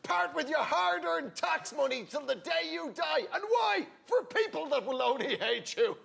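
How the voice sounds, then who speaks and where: A man's voice: very high voice, lively intonation, moderate pace, creaky, noisy background. An Irish man on a comedy panel, teasing and sardonic in his banter.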